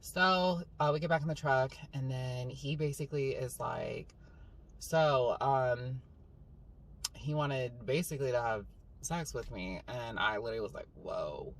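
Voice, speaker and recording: A woman's voice: very deep voice, unhurried. Rambling woman telling a storytime vlog. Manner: rambling, filler-heavy, with 'like' and 'um'; animated and dramatic. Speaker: vlogger. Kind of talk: casual storytime. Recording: slightly distant mic, faint background hum.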